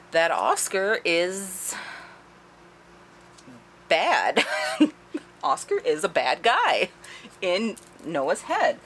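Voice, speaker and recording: A woman with a low voice recaps a book's plot in a loose, conversational way. She swears freely and laughs as she goes. A faint background noise sits under her voice. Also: fairly bright tone. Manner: chatty, profane, laughing as she retells. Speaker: book reviewer. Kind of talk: casual spoiler-filled book recap.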